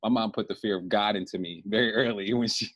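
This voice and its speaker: A man hosting a talk show, guiding a guest through a calm, soothing visualization exercise. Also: on the low side, fast. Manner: calm, soothing, laughs often. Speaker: host guiding a fear-release exercise. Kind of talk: slow guided visualization.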